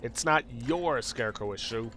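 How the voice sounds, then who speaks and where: A man's voice: medium pitch, lively intonation, normal speed, a bit bright, a little hiss or hum, close to an everyday voice. A man voicing an ancient male personification of time, speaking in a grandiose, formal manner. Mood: solemn.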